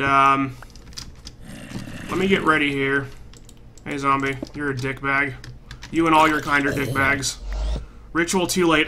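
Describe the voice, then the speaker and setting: A man giving gameplay commentary, swearing a lot and flaring into loud frustrated outbursts. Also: fairly high pitch. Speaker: let's play gamer.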